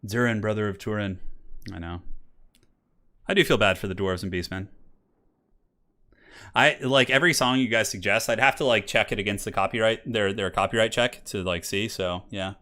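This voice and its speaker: A lowish male voice, moderately paced with frequent pauses and a bright, forceful tone. He's a tournament stream host and caster doing casual live commentary on a game event, chatting, rambling, and laughing often, with faint classical music in the background.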